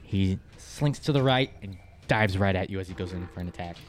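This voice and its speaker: A man's voice: low voice, brisk, a little hiss or hum. A man narrating a tabletop game as game master, patiently explaining rules and laughing often.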